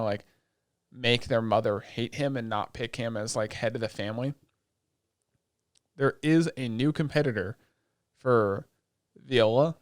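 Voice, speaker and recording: A man with a mid-pitched voice recaps episodes on a podcast, sounding dry and close to the mic. He rambles in a profane, filler-heavy way and slips into the characters' quoted lines as he goes. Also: dry recording. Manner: loose, profane retelling with lots of fillers; animated storytelling that acts out quoted lines. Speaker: podcast co-host. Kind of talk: casual chat.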